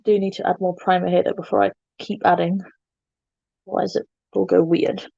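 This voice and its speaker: A woman's voice: lowish voice, flat delivery, brisk, gravelly, dark tone, husky, no room sound, highs cut off. A woman hosting a casual makeup livestream, chatting to her viewers in a self-mocking way while she works. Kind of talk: casual makeup tutorial chat.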